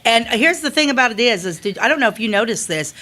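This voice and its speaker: A woman co-hosting a podcast, chatting in an animated way with frequent restarts. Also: on the high side. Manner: animated, quick to laugh, restarts often. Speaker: podcast co-host and play director. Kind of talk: casual chat.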